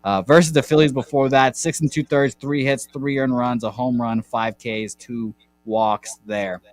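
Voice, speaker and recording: A man's voice: medium pitch, steady tone, measured pace, no echo. A man hosting a casual sports betting show, rambling and correcting himself as he reels off baseball stats. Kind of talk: casual podcast chat.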